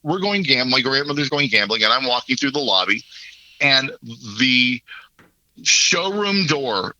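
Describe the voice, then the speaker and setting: Bright, animated man telling stories. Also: medium pitch, unhurried, dry recording, poor audio. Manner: animated anecdote-telling, acts out quoted voices. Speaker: guest. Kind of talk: casual storytelling conversation.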